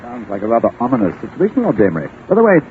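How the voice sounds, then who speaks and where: A man playing a sharp, dry-witted gentleman detective in a 1940s radio drama, probing and wry. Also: medium pitch, wildly swooping pitch, racing, soft background music. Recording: tinny old 1940s radio broadcast.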